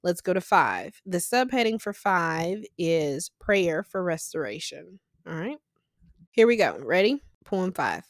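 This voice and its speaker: A woman's voice: on the low side, big pitch swings, unhurried, dry recording, clean studio sound. Emphatic young woman hosting a Bible podcast. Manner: conversational, emphatic, slangy asides. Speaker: podcast host. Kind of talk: casual Bible study podcast.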